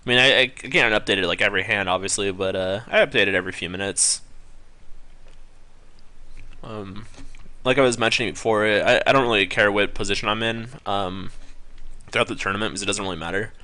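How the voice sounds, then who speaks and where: Bright-voiced young man rambling on stream. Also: fairly low pitch, a little fast. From California. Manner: rambling with many ums and self-corrections. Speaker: poker streamer. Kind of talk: casual live-stream commentary.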